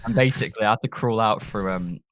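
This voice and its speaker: A man's voice: lowish voice, quick pace, fairly bright tone. A man telling a story in casual chat, hesitant and leaning on "basically". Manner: hesitant, keeps saying "basically". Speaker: podcast guest.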